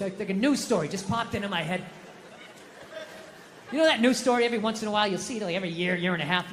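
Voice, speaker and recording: A middle-aged male stand-up comedian telling a story with profane, ranting delivery that breaks into shouted outbursts. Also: very high-pitched, big-room sound, slight background noise.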